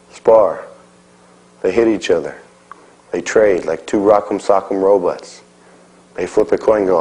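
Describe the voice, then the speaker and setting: A man's voice: fairly low pitch, darkish tone, poor audio. A middle-aged man teaching a martial arts class, calling out drills to his students and often checking in with "okay?". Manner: coaching, calls out drills, frequent "okay?". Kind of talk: live instruction to a class.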